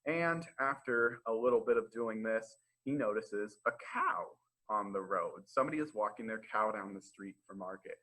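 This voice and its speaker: Bright husky man telling a kids' story. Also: on the low side, expressive, moderate pace, poor audio. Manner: chatty, asides and questions to children. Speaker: storytime presenter. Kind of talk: children's storytime retelling.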